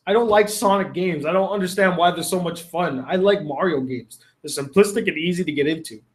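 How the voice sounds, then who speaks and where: High-voiced man casually answering live chat. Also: a bit bright. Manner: rambling, swears casually, self-interrupting. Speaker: livestream host answering chat questions. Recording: echoey room.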